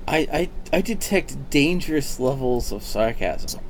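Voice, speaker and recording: A man hosting a relaxed gaming stream, joking and slipping into mock-serious lectures. His pitch swings around in a lively way. A faint hum of ambient noise sits under his voice. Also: unhurried, vocal fry. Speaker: streamer host. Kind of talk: casual gaming stream chat.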